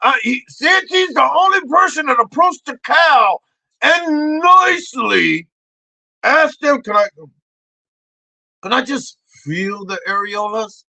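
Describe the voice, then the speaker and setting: A man voicing a rowdy, foul-mouthed loudmouth who shouts crude mocking rants at his buddy. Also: extremely high pitch, animated, slow, vocal fry, dry recording, voice pushed up, heavily acted, low-quality recording. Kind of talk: comedic character sketch.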